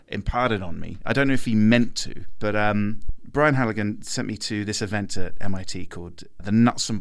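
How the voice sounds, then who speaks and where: A man's voice: fairly low pitch, creaky. A man in his thirties, a podcast guest, telling a story casually and animatedly, laughing often.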